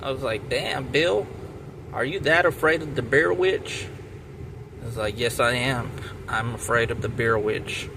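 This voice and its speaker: Man, rambling storyteller, slow delivery, outdoors with traffic and street noise behind him. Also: medium pitch, pushed and bright, low-quality recording. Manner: rambling, repeats words and restarts, many fillers. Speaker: vlogger telling a story.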